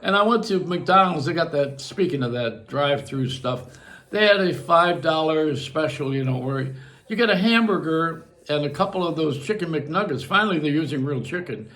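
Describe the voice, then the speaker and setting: A man's voice: fairly high pitch, lively intonation, normal speed, a bit bright. An older man hosting a show, rambling through a casual monologue, joking and laughing at himself. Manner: chatty, self-mocking, laughs at his own jokes. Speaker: radio and broadcast host.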